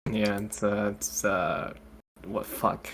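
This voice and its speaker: A man's voice: on the low side, little pitch movement, slow, a bit bright, slight background noise. A young man co-hosting a podcast, rambling, swearing and laughing at his own jokes. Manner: laughs easily, swears a lot, loose and rambling. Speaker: podcast co-host. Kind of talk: casual chat.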